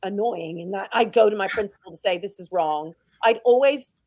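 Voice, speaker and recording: Woman, British accent, head teacher guest, outspoken, lively storytelling, dry close sound. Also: medium pitch, fairly quick, no echo. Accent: British English. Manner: outspoken, animated storytelling with laughs. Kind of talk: casual interview conversation.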